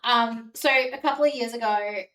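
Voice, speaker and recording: A young woman with a blended Australian and New Zealand accent talks with her stream chat in a bright, slightly high voice. She rambles and laughs, filling gaps with lots of "um" and "like". Her voice sits a little back from the mic. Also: normal speed, far from the mic, slight background noise, rough recording. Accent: Australian and New Zealand mix. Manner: chatty, rambling, frequent fillers and laughs. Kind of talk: casual live-stream chat with viewers.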